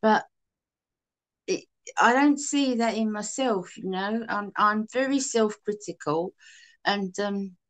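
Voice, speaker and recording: A woman with a Cockney accent co-hosting a live chat stream, talking casually and warmly to her viewers. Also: medium pitch, takes it slowly. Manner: chatty, calls people sweetheart and darling.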